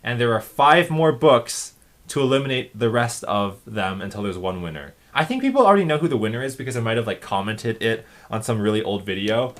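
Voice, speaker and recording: A man's voice: mid-range voice, a little fast. A man casually commenting on his own comics, chatty with lots of fillers. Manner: chatty, lively, frequent laughs and fillers.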